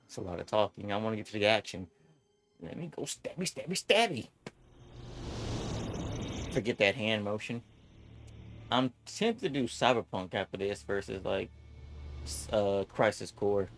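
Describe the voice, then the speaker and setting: A man's voice: on the low side, normal speed, a little hiss or hum. A man casually commenting as a gaming streamer, making joking, playful asides.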